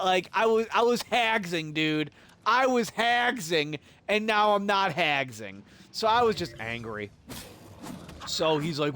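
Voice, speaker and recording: A young male streamer tells a story while he plays, swearing freely and acting out everyone's lines. His voice sits high for a man and swings widely in pitch as he gets worked up. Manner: profane, animated, acts out quotes. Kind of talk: casual storytelling while gaming.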